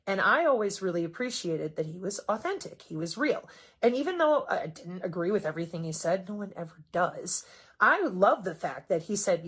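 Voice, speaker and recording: A woman's voice: sing-song, moderate pace, husky. Sarcastic, cussing Midwestern woman vlogger. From Wisconsin, US Midwest. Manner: sarcastic, cussing, emphatic swings in pitch and loudness. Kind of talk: unscripted monologue vlog.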